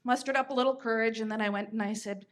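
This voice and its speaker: A woman's voice: fairly high pitch, fairly even intonation, quick pace. A woman in her fifties, a podcast host telling stories in a chatty way, with fillers and restarts. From United States. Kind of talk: conversational storytelling.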